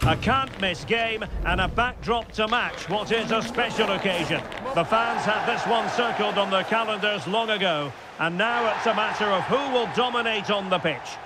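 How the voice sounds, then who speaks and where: A man plays a seasoned video game football commentator, polished and quick to get excited. His voice sits fairly high for a man. It is heard as game audio under loud background noise. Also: natural voice. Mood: hyped build-up. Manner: polished broadcaster, rising to loud excited calls on goals.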